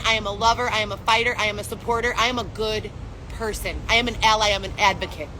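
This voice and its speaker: A woman's voice: high-pitched, bright, forceful tone, a little hiss or hum. A woman vlogging outdoors, ranting angrily with heavy swearing and rhetorical questions. She is pregnant. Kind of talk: emotional street vlog rant.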